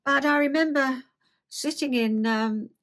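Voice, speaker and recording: A woman's voice: sits high, measured pace, fairly bright tone. A woman in her seventies with a London accent, reading her own memoir aloud and breaking off into rambling, self-deprecating asides. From South East England. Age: 70s. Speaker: host.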